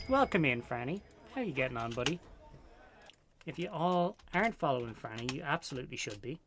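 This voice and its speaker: A young man streaming a game and talking casually to chat, excitable and swearing freely in his asides. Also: a little high, brisk, a little hiss or hum. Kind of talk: casual gameplay commentary.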